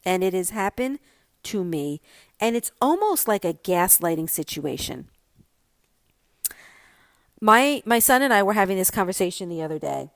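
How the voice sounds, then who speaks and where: A woman's voice: mid-range voice, sing-song, normal speed, pauses often, no room sound. A middle-aged woman hosting a podcast, chatting casually and animatedly about her pet peeves. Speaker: podcast host. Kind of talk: casual solo podcast chat.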